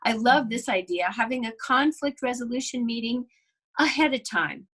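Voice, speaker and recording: A woman's voice: a little high, expressive, moderate pace, a bit bright, slightly rough, poor audio. Woman host summing up an interview. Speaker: livestream host. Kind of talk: interview wrap-up and summary.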